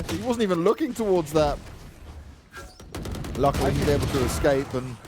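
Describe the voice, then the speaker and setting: A man casting an esports match, giving play-by-play commentary with excitable, joking banter alongside his co-caster. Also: a little high, normal speed. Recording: noisy game sound behind voice.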